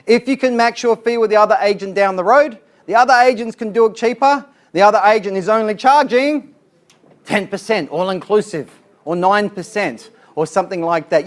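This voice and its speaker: A man giving an animated, chatty training seminar as a sales trainer. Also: high-pitched, normal speed. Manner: animated, chatty, laughs at his own jokes.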